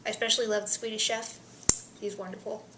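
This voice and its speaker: A young woman vlogger chatting casually through survey questions, self-deprecating, with soft mumbled asides. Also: mid-range voice, level tone, fast, echoey room, background noise.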